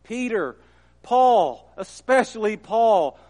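A man's voice: very high-pitched, animated, slow pace, fairly bright tone. A man preaching a sermon in an earnest, emphatic way that builds at times.

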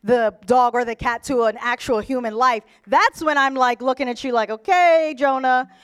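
A woman preaching a sermon in an animated storytelling way, acting out the people in her stories. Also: fairly high pitch, normal speed, clean tone. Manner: animated, storytelling, mimics characters. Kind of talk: lively sermon with acted-out voices.

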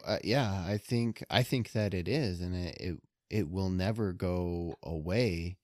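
Slow-spoken deep-voiced man, calm. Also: no room sound, clean studio sound. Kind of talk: casual podcast conversation.

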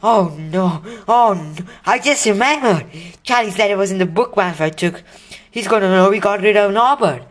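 A man voicing a panicked young schoolboy wizard in a storybook reading, with high frantic outbursts. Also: big pitch swings, moderate pace, sharp tone, slightly rough, exaggerated voice.

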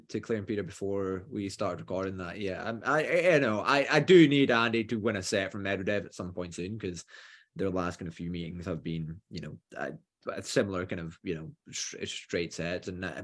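A man hosting a casual sports chat, hesitant and rambling with many fillers. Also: on the low side. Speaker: podcast host.

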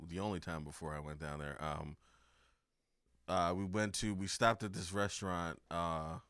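A man's voice: sits low, steady tone, normal speed, fairly bright tone, clear, resonant tone, dry recording, studio quality. A young man hosting a podcast in casual chat, rambling, swearing freely and laughing often. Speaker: podcast host.

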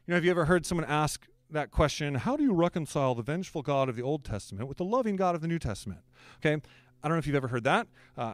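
A man preaches a sermon in an easy, conversational manner, earnest at heart but quick to slip in a joke. His voice sits a little higher than most men's, and the recording is dry and close. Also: no room sound. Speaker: pastor.

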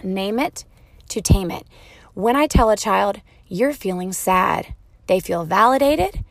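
A calm, patient woman in her thirties explains parenting ideas to other parents, speaking in a mid-pitched voice that now and then softens to near a whisper. The sound is dry and close, with no room around it. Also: unhurried, vocal fry, no room sound. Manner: calm, patient, explanatory, soft-spoken at times. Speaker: parenting educator. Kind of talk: advice talk to parents.

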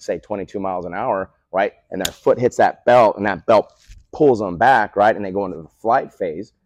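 Deep-voiced man explaining like a coach. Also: no echo. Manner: peppers points with "right?" tag questions; animated, coach-like storytelling. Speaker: guest, speed training facility co-owner. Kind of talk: casual explanatory interview talk. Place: remote call.

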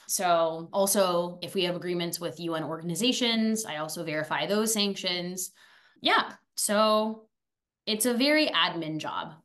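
A young woman from France, a former student, talking fast and chatty in a casual interview. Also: on the low side, fairly bright tone.

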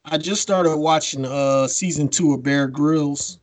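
A man cohosting a podcast, telling stories in a casual, profane, animated way. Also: fairly high pitch, measured pace, no room sound. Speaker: podcast co-host.

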